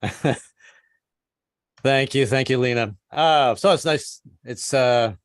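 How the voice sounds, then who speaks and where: A man of seventy performing a stand-up comedy set over a video call, self-deprecating and halting, with many restarts. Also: medium pitch, no room sound, clean studio sound. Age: 70s. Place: home setup on a video call. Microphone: computer mic on a video call.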